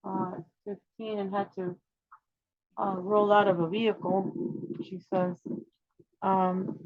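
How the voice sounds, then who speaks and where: A woman's voice: medium pitch, dry recording. A woman in her fifties talking in a rambling, conspiratorial way, full of filler words, as she hosts her own channel. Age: 50s. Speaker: channel host. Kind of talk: casual monologue. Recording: slightly dull, dry home recording.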